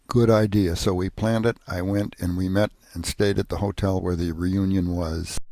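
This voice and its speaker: A man's voice: low-pitched, mellow, no room sound. An older man narrating a personal family history, earnest and plain-spoken, with occasional restarts.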